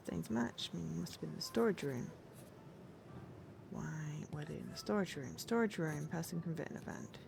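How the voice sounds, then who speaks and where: A woman's voice: deep voice, animated, fairly quick, vocal fry, noisy background. A woman streamer chatting casually and rambling as she plays a game, laughing easily. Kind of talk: casual let's-play commentary.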